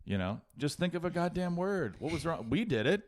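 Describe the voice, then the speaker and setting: A man's voice: fairly high pitch, very animated, brisk. A man co-hosting a casual comedy podcast, ranting profanely and mockingly, laughing often. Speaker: podcast co-host.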